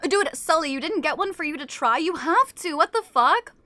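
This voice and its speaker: A young woman streamer chatting casually with her viewers, excitable and gushing, swearing freely. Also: high voice, moderate pace, no room sound. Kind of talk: casual live-stream chat.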